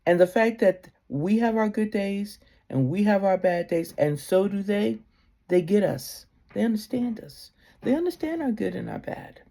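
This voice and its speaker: A woman giving casual spiritual advice to camera, heartfelt and conversational, sometimes sinking to a soft near-whisper. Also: medium pitch, animated, normal speed, gravelly.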